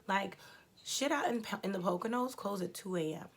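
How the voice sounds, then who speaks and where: A woman's voice: medium pitch, moderate pace, creaky, husky. A woman in her twenties telling a personal story in a casual, blunt, chatty way, swearing freely. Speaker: storytelling vlogger.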